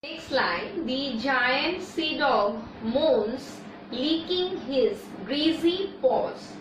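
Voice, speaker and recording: A woman with an Indian English accent talks through a poem in a high, lively voice. She goes very slowly and deliberately, with frequent hesitations. The mic sits some way off in an echoey room with faint background noise. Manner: slow, deliberate, with frequent "uh" pauses. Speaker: English teacher. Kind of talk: explaining a poem line by line. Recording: roomy echo from a distance with faint noise.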